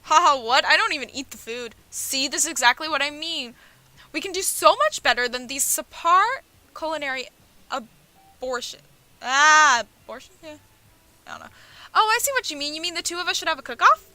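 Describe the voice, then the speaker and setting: A woman's voice: sits high, lively intonation, moderate pace, sharp tone, no room sound. A young woman streaming a dating game, reading its text and dialogue aloud with playful, cheeky commentary. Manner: playful, reads character lines in her own voice, laughs and swears.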